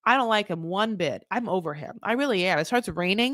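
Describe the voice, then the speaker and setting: A woman hosting a casual recap show, talking in an animated, gossipy way with sudden jumps in pitch and loudness, dropping "honey" and "like" all the time. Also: moderate pace, dry recording, clean studio sound. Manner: says "honey" and "like" often. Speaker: podcast host recapping a reality show. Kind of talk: casual commentary.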